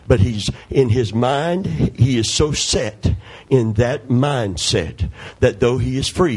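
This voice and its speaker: A middle-aged man preaching a sermon, calling out to the congregation and breaking into loud shouts as he tells stories. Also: medium pitch, husky. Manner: call-and-response preaching, calls for amen, storytelling, sudden shouts.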